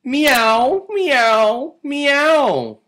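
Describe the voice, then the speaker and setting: A man voicing a group of small sad kittens in a high, plaintive sing-song while reading a nursery rhyme to children. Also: expressive, very slow, a bit bright, a little hiss or hum, exaggerated voice. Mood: mewing. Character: three little kittens, small and sorrowful.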